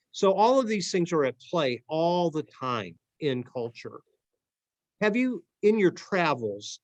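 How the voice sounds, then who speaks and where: A middle-aged man from Akron, Ohio, with a Midwest American accent, speaks at a medium pitch with no echo. He leads a Bible study group at church in a loose, conversational way, often saying "um" and restarting his sentences.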